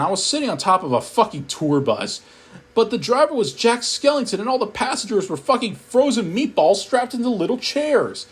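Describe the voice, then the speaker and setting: A man narrating a comedic horror story in a profane, deadpan storytelling manner. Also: a little high, slightly rough.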